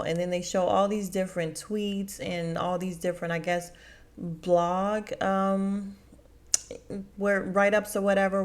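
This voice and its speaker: A woman's voice: lowish voice, darkish tone. A young adult woman hosting her own podcast, chatting casually and laughing as she acts out quotes in big voices. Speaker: podcast host recapping a reality show. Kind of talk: casual chat.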